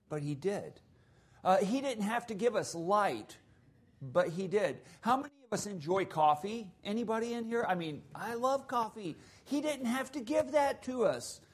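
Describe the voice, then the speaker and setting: A man's voice: sits high, measured pace, slightly rough. A middle-aged man, a missionary guest preacher, giving a conversational sermon to a congregation with asides and jokes. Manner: conversational preaching, animated and joking.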